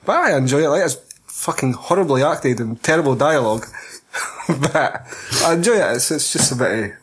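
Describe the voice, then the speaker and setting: A Scottish man chatting about a cult horror film with a friend. His voice is husky at a middling pitch. He talks bluntly, swears often and laughs at the bad acting. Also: animated, moderate pace. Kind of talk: casual film chat.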